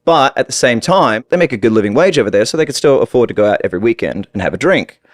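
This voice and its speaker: An American man with an Australian-tinged accent, telling stories as a podcast guest in an animated, laughing way. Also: mid-range voice, fast talker, no echo. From United States. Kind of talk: casual storytelling.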